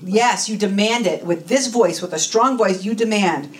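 A woman voicing a brisk, insistent middle-aged spiritual coach woman who speaks firmly. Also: mid-range voice, close to an everyday voice. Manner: firm, commanding. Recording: voice a bit distant from the mic.

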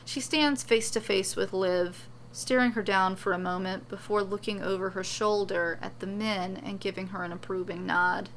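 Gravelly-voiced woman narrating a story. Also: medium pitch, fairly even intonation, moderate pace, few pauses, a bit bright, slight background noise. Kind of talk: reading a serialized story.

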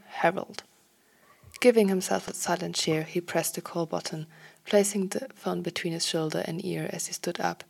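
Gravelly-voiced woman reading a story. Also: fairly low pitch. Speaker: fan fiction reader.

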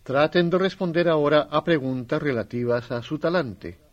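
A man hosting a language lesson, explaining clearly and instructively. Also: a little high, brisk, highs cut off. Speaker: host.

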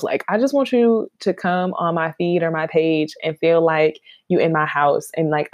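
Warm-hearted woman with a low, dry voice. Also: no echo. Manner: warm, affirming, chatty with many fillers. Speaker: podcast guest, mental health professional. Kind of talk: casual heartfelt conversation.

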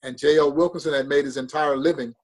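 Husky guy, kinda high voice, tells stories all dramatic and heartfelt. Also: fairly even intonation, fast talker, poor audio. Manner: impassioned, dramatic storyteller. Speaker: baseball museum guest. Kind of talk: storytelling interview.

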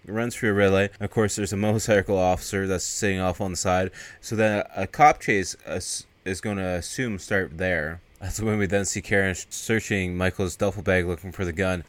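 A man hosting a podcast, casually retelling a movie's plot with loose, profane commentary and quick put-on character lines. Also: low voice, dry recording. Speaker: podcast host recapping a movie.

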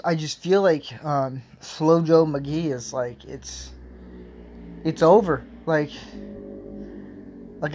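Talk it out like a man with a fairly high voice ranting off the cuff, rambling with lots of filler words, blunt and swearing freely. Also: darkish tone. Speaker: vlogger giving political commentary. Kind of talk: casual opinion rant.

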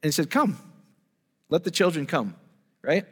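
Male pastor, fairly high voice, eager and chatty, long hall reverb. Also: expressive, moderate pace, fairly bright tone, slightly rough. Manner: enthusiastic, conversational, full of rhetorical questions. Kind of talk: sermon teaching.

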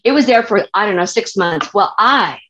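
A woman's voice: medium pitch, lively intonation, moderate pace, a bit bright, muffled recording. A woman from California, a theater director and actress, telling stories in a chatty way with many restarts and fillers. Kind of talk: interview storytelling.

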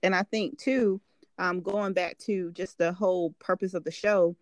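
A woman's voice: lowish voice, steady tone, normal speed, no echo. A woman hosting a faith podcast, affirming and encouraging her guest in casual talk. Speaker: podcast host.

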